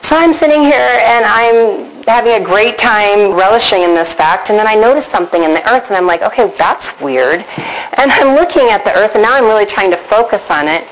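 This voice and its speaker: A woman telling her own story to an audience, earnest and emotional, acting out her past thoughts with big rises in pitch. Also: fairly quick, few pauses, slight background noise, low-quality recording. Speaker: storyteller recounting a near-death experience. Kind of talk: personal testimony to an audience.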